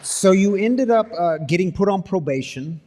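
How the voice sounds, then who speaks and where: A man's voice: sits high, animated, normal speed, noisy background. A man hosting a live event, chatting casually and upbeat with the crowd and his guest. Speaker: host. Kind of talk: live church-style interview. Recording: long hall reverb.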